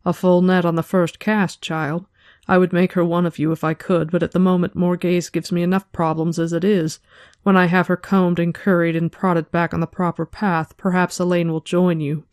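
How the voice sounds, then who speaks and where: A podcaster reading a novel aloud, voicing a cool, serene older woman leader who speaks with calm command. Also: medium pitch, moderate pace, dry recording, clean studio sound, natural voice. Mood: wry.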